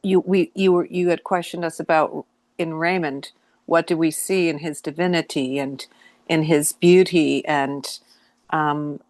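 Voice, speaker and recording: A woman from Newfoundland and Labrador, Canada, sharing in a workshop over a video call and searching haltingly for words. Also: deep voice, steady tone, darkish tone, no room sound. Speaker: workshop participant.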